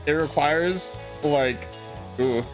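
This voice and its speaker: A man's voice: fairly high pitch, slow pace, music in the background. A man streaming himself reading a visual novel aloud, chatty, swearing casually and reacting to the story.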